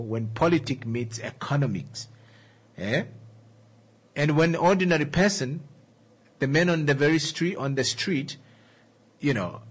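Animated husky male radio host. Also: on the high side. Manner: animated, rhetorical questions, many fillers. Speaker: radio talk show host. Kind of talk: radio talk show monologue.

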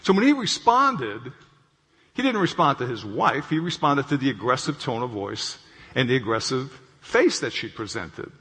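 A man's voice: mid-range voice, very animated, moderate pace, fairly bright tone, breathy edge. A man explaining how stress affects the brain, in a conversational manner, often checking in with "okay?" and telling everyday stories to make his point. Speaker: clinician speaking on stress. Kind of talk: explanatory talk with acted anecdote. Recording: long hall reverb.

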